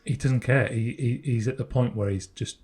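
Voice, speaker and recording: A man's voice: medium pitch, steady tone, moderate pace, a little mellow, breathy edge. A man co-hosting a podcast, chatting casually and speculating thoughtfully, often restarting his sentences. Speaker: podcast co-host. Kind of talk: casual chat.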